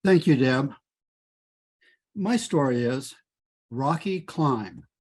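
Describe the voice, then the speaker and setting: An older man reading his own personal story aloud in a measured, deliberate way. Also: mid-range voice, animated, a little mellow, husky.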